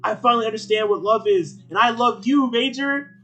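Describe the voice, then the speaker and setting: A man voicing an earnest young woman soldier who is anxious and devoted, talking in a high, urgent, pleading way. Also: fairly quick, bright, forceful tone, echoey room.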